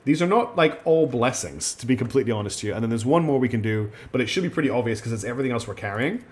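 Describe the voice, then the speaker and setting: Talking very fast at medium pitch with lively intonation, this streamer gives casual gameplay commentary. He hesitates through ums and restarts while reading the game's text aloud, chatting away and tossing in apologetic asides.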